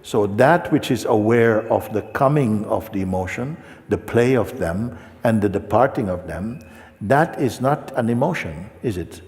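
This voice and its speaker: A man speaking as a spiritual teacher, talking gently and unhurriedly to a seeker and often checking in with questions. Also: lowish voice, expressive, a little slow. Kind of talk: spiritual talk answering a seeker. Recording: long hall reverb.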